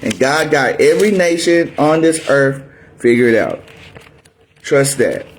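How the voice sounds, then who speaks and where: A man's voice: medium pitch, very animated, measured pace, slight background noise. A man preaching a fiery, aggressive sermon, barking at his listeners in a confrontational, drill-sergeant manner. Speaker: preacher teaching scripture.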